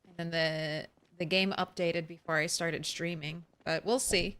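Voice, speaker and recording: A woman's voice: fairly low pitch, steady tone, measured pace, a bit bright. A young adult woman streaming a game live, chatting casually and greeting her viewers with giggles. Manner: bubbly, greets chat, giggly.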